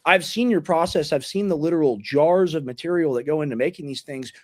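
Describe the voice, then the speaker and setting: A young man with an American accent hosting a podcast in casual, animated chat with mocking asides. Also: on the high side, brisk. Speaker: podcast host.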